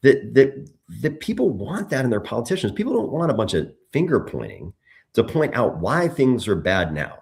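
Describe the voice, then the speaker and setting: A middle-aged man speaks as a candidate in a conversational interview, and his pitch swings widely as he talks. He tells stories at length and often stops to restart a phrase or repeat a word. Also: moderate pace, creaky. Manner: animated storytelling, frequent restarts. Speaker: political candidate as guest.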